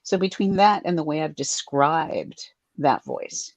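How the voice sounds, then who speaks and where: A woman audiobook narrator on a panel, talking in an animated way with quick asides over a video call. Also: sits low, no echo. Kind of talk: casual panel talk.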